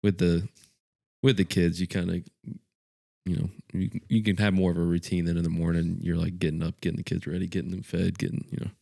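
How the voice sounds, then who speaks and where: Low-voiced man in casual podcast chat. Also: flat delivery, fairly quick, gravelly, dark tone, no echo, clean studio sound. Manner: rambling, storytelling with quoted voices. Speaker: podcast co-host.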